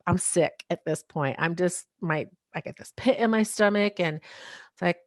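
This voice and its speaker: A woman appearing as a podcast guest tells a personal testimony, often quoting others and laughing now and then. Her voice is fairly low and a little slow, recorded in studio quality with no echo.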